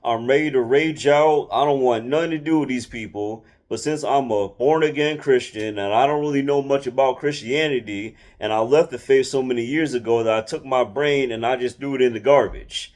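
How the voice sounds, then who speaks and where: A man's voice: medium pitch, moderate pace, few pauses, a little mellow. Blunt, colloquial man telling a story. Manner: restarts and repeats phrases. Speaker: content creator telling his story. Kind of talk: casual storytelling monologue.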